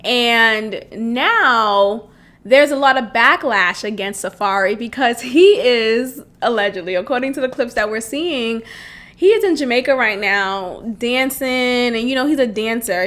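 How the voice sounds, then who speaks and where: Podcast host: thirty-year-old woman, high-pitched, animated and giggly in a loose comedic monologue. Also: unhurried. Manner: laughs often, animated and chatty.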